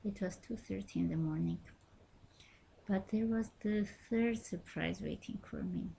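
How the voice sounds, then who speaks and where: A woman's voice: medium pitch, a little slow, gravelly, dark tone, a little hiss or hum. A woman reading her own first-person memoir aloud, telling it in a wry, self-mocking way.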